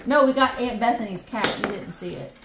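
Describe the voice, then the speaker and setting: A woman's voice: a little high, fairly quick. A woman hosting a casual vlog, chatting playfully and musing aloud as she goes. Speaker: vlog host. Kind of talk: casual chat. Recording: echoey room with some background noise.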